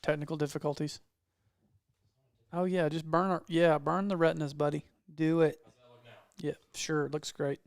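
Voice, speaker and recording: A man's voice: fairly high pitch, steady tone, normal speed, gravelly, long pauses, smooth, no echo. Southern American man, joking podcast host. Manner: joking, laughs often. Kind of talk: casual chat.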